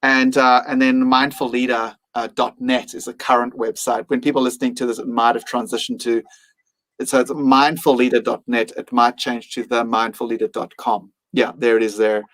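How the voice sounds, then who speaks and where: A man's voice: mid-range voice, flat delivery, normal speed, fairly bright tone, poor audio. A man speaking as a podcast guest, reflective and earnest, sometimes acting out his own inner voice. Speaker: mindfulness teacher and guest.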